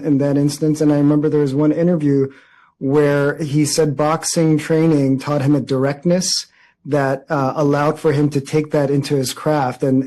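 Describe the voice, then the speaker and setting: A man speaking in a fairly high voice for his sex, thoughtful and earnest. He restarts his sentences often as he works out what he means, the way someone does in a press interview. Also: warm tone, poor audio. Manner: earnest, reflective, many restarts. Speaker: interviewee, actor.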